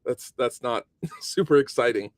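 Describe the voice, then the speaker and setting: Relaxed man talking things through. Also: medium pitch, measured pace, no room sound, clean studio sound. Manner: relaxed, thinks aloud with many ums. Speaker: guest. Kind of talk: casual interview chat.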